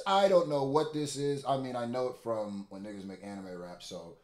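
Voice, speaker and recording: A man hosts a reaction video in loose slang and keeps repeating his own jokes for effect. His voice sits in a middle range. The room around him rings with a clear echo. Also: mid-range voice, moderate pace, few pauses, darkish tone. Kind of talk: casual reaction commentary. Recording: roomy echo.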